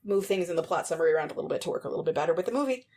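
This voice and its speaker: Woman, fairly low voice, podcast co-host, plot summary, dry wry asides. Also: expressive, racing, dark tone. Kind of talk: casual film review chat.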